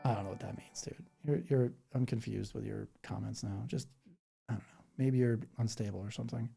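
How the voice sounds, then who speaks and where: A man's voice: lowish voice, steady tone, a little fast, creaky, dark tone, husky, soft background music. A man live-streaming and reading chat aloud, blunt and argumentative, throwing in "bro" and "dude.". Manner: blunt and argumentative, slips into mocking voices; says "bro" and "dude" a lot.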